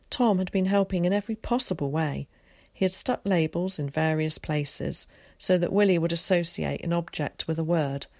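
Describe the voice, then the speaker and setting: Woman narrator, low-pitched, calm measured read, dry close sound. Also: dry recording. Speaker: audiobook narrator. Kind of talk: scripted narration.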